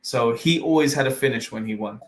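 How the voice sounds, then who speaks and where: Casting: male podcast host, mid-range voice, rambling casual delivery, swears freely, fills pauses with "uh". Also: medium pitch, a little hiss or hum, rough recording. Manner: rambling, full of fillers and restarts, swears casually. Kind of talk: casual fight-talk podcast chat.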